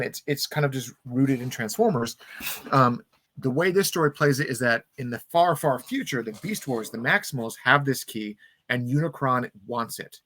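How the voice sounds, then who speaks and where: A man's voice: medium pitch, fairly bright tone. A man hosting a casual podcast, eagerly retelling a film's story and briefly acting out characters' lines. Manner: enthusiastic plot recap, acting out lines in quick voices. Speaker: podcast host.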